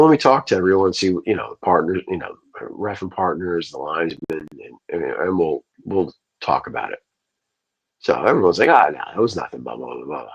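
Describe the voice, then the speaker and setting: Male livestream host, low husky voice, loose profane storyteller. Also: fairly bright tone, lo-fi sound. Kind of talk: casual ranting livestream.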